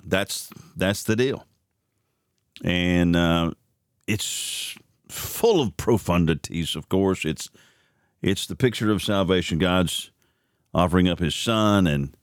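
Opinionated low-voiced radio host, dry and close. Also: male voice, takes it slowly, no echo. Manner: opinionated, rambling, animated pitch swings. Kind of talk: casual talk radio commentary.

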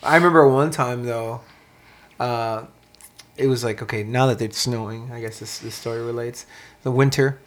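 A man in casual chat, telling a story in an animated, profane way, with lots of "man" and "dude". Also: medium pitch, moderate pace.

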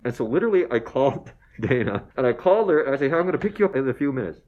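A man in his forties, a guest in a relaxed interview, tells his story with a lively voice that climbs and dips widely. He is self-deprecating and keeps checking in with "okay?", and he turns quiet and tender when the story gets emotional. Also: mid-range voice, very fast, highs cut off. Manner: soft and emotional when talking about his wife.

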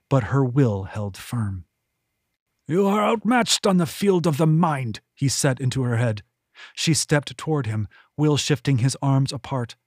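A man's voice: medium pitch, a little mellow, no room sound. Man reading a fantasy audiobook, dry and close. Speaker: author and narrator. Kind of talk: audiobook narration.

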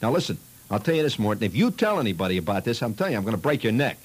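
A man voicing a cocky, loud teenage boy who always knows it all, with shrill excited shouting. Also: rapid-fire, husky. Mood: bossy.

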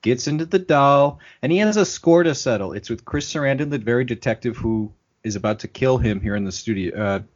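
Brief: lively, cursing podcast guy talking movies, mid pitch, muffled call sound. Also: brisk, few pauses. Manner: animated, swears freely, laughs often. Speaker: podcast co-host. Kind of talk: casual film discussion. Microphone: video call. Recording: dull lo-fi video call audio.

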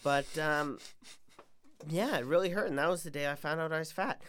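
A man's voice: on the high side, normal speed, fairly bright tone. A young man from Canada hosts a casual chat. He rambles through stories with plenty of fillers and self-deprecating humour. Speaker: podcast host.

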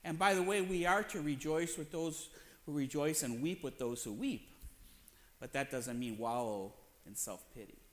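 A man with a high-pitched voice preaches in a church. He speaks conversationally, throwing questions to the congregation and acting out short voices in quotes. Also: normal speed. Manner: acts out voices in quotes, playful asides. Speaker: pastor. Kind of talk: sermon.

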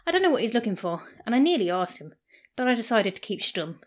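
A woman's voice: a little high, quick pace. Playful woman reading a story. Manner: playful, animated. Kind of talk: first-person storybook narration.

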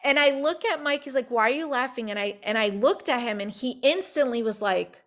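A woman telling a personal faith story in casual talk, acting out the quotes in quick, animated bursts. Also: high voice.

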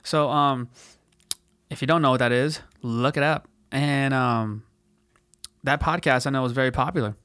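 A man's voice: mid-range voice, moderate pace, long pauses, a bit bright, clean tone, no room sound, studio quality. A man in his twenties from California, hosting a podcast in a rambling, profane solo rant that leans on "dude" constantly. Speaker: podcast host.

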